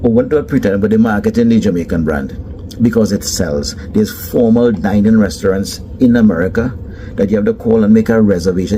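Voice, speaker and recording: Low mellow man telling travel stories. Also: a little hiss or hum, rough recording. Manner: conversational, loose, anecdotal. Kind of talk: casual storytelling.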